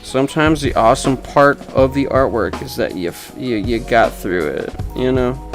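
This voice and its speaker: A man's voice: medium pitch, normal speed, faint music behind. A man chatting casually while he draws, talking through his work in a chatty, self-mocking way and laughing often. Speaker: artist and video host. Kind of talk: casual chat while drawing.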